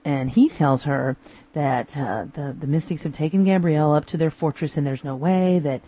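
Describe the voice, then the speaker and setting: Chatty podcaster recapping episodes, husky tone. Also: mid-range voice, normal speed, mellow. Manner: chatty, amused, acts out characters' lines. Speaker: podcast host reviewing episodes.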